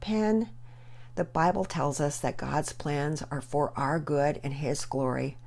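A devout father speaks earnestly to his children in a low, measured voice, as a woman reader does him. He is patient and sure of what he teaches. It is a children's storybook reading. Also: gravelly, darkish tone, exaggerated voice.

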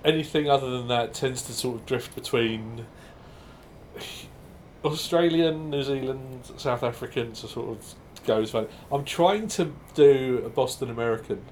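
A man with a middle-of-the-road pitch chats casually as an interview guest. He talks in quick, self-deprecating bursts and often restarts his sentences. A faint hum of background noise sits under his voice. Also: a little mellow. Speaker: improv performer guest.

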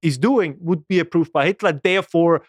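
A man, a guest making lively, animated arguments in a casual political discussion. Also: on the high side, a little fast, no room sound, clean studio sound. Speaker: guest commentator.

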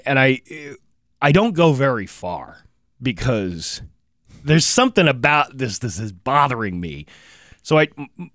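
A man casually telling a personal anecdote on a talk show, animated and acting out what people said. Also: mid-range voice, no room sound, studio quality. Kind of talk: casual chat.

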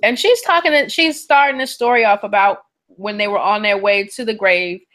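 A woman's voice: medium pitch, moderate pace, fairly bright tone. A woman co-hosting a podcast, chatting casually and indignantly. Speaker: podcast co-host. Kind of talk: casual chat.

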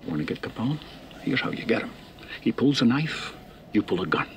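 An actor playing a hard-nosed older Irish-American beat cop in a film clip, speaking in a low, hushed, gravelly way. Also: male voice, big pitch swings, a little fast, background noise. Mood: menacing. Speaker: film character in a played clip. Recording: film clip with faint background ambience.

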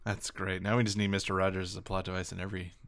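A man co-hosting a casual podcast chat, animated and laughing often. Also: rapid-fire. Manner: animated, laughs a lot, jumps to high squeaky voices for quoted reactions. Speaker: podcast co-host.

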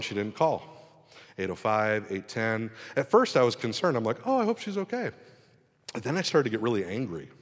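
Pastor preaching in a reverberant hall. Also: male voice, lowish voice. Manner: storytelling, self-deprecating, animated when retelling. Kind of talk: sermon. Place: church hall.

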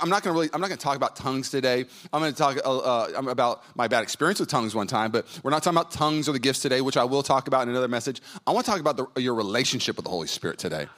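A man's voice: mid-range voice, a bit bright. A man in his thirties preaching a sermon to a congregation in a church, chatty and anecdotal, with many fillers and restarts. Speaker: pastor. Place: church hall before a congregation.

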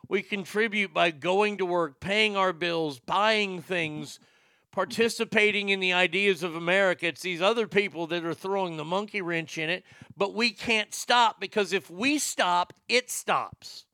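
A man's voice: high-pitched, unhurried, pushed and bright, no room sound. An older man giving heated, profane and sarcastic political commentary.

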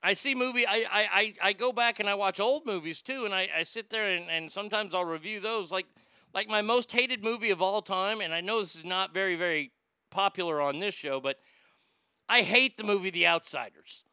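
A man hosts a talk podcast with a bright, forceful voice that is smooth and resonant. He reads listener comments and rants bluntly with plenty of swearing, jumping from loud outbursts to low muttering. The sound is dry and close. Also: a little fast, dry recording. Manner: blunt, profane ranting. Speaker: podcast host. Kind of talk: casual chat reading listener comments.

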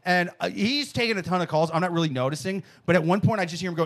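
A man hosting a casual comedy talk show, telling a story in an animated, profane way. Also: high-pitched, very fast, hardly any pauses. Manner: animated storyteller, swears freely. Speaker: podcast host.

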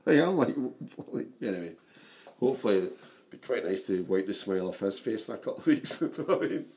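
A Scottish man in his forties, chatting about football and family in an animated way, laughing often, his voice going a bit hoarse. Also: low voice, fast, slight background noise. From Scotland. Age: 40s. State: losing his voice. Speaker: podcast co-host. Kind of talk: casual football chat.

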